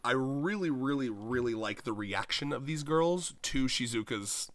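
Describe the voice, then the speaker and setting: A man co-hosting a podcast, chatting casually and telling stories in an animated, rambling way. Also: mid-range voice, unhurried, dry recording. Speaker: podcast co-host. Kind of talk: casual chat reviewing a manga chapter.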